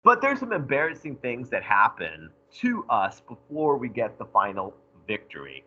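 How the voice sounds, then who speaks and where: A male history teacher giving a recorded lecture, animated and jokey, talking straight to his students. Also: medium pitch, normal speed, dull audio.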